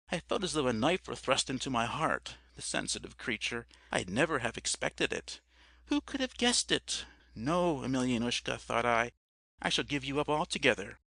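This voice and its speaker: A man's voice: medium pitch, pushed and bright, dry recording. A man reading a story as an audiobook narrator, telling it expressively and often addressing the listener as sir.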